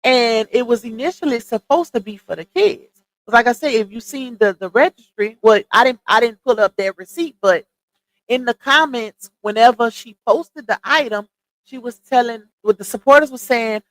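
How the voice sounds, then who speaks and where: A woman's voice: on the high side, moderate pace, no echo, low-quality recording. Blunt gossipy woman on a livestream. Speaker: livestream host. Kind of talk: casual commentary chat.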